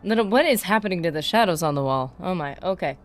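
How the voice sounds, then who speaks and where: A woman livestreaming a game, chatting excitedly and casually with her viewers. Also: fairly low pitch, fast, soft background music. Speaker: streamer. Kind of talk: casual livestream gaming chat.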